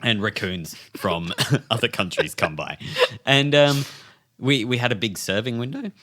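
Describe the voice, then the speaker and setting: A young man co-hosting a podcast, telling a story in a casual, animated way, swearing freely and laughing often. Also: medium pitch, unhurried. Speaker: podcast co-host.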